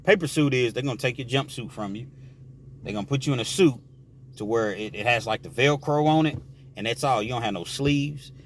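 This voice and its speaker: A man casually telling a prison story, animated and explaining things directly to the listener. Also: mid-range voice, fairly quick, slight background noise.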